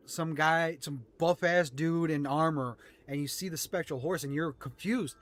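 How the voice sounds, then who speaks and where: A man running a tabletop game as game master, narrating the scene in an animated way. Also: fairly high pitch, unhurried, few pauses. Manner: animated, shouts out monster lines.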